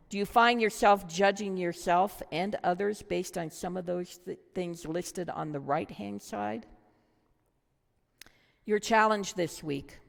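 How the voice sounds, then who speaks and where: A woman's voice: fairly low pitch, gravelly. A woman teaching a Bible study lesson, earnest and reflective, putting questions to her listeners. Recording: long hall reverb.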